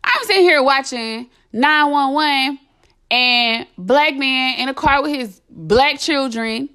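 A woman's voice: high-pitched, slow pace, sharp tone. A young adult woman hosting a podcast, delivering a blunt, impassioned monologue full of swearing and emphatic repetition. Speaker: podcast host.

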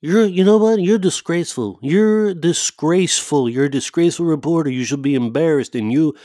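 A man's voice: fairly high pitch, moderate pace, warm tone, no room sound, studio quality, voice pushed up, natural voice. A man doing a mocking impression of a blustering older male politician who insults a reporter, drawing out his words in an angry, scornful tone.

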